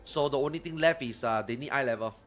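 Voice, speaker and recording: A man streaming games live, chatting casually and ranting with lots of swearing, getting loud when worked up. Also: mid-range voice, quick pace, slight background noise. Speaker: gaming streamer.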